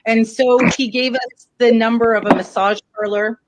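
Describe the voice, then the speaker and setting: A woman's voice: fairly high pitch, steady tone, moderate pace, very noisy. A woman telling a long story in casual chat, rambling and swearing, with many fillers. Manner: rambling, profane, lots of fillers.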